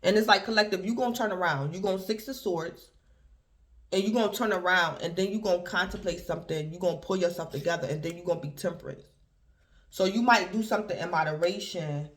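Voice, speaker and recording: A woman's voice: on the low side, fast. A woman giving a casual tarot reading to her viewers, talking in a loose, repetitive, conversational way. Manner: repetitive, conversational, keeps addressing the collective. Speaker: tarot reader.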